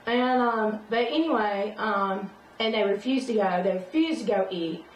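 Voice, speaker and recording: In a casual vlog, a woman shares a personal story, rambling and restarting with many fillers. Her mid-range voice moves at normal speed. She's far from the mic, so the audio is muffled and roomy with faint noise.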